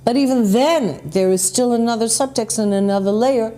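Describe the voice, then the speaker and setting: A woman hosting a talk show, chatting in a lively, animated way. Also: fairly high pitch, normal speed. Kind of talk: casual chat.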